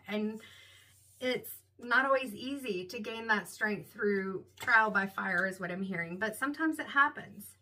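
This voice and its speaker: Woman tarot reader, slightly high, bright tone, rambling reflective delivery. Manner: meandering, reflective, with frequent "like" and "um". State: hiccups. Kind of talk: casual spoken tarot reading.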